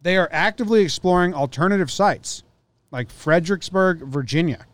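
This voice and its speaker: A man with a somewhat high voice, talking in a loose, joking way as a podcast co-host. His sentences often trail off and start over. The room sounds dry, with no echo. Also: normal speed. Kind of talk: casual sports podcast chat.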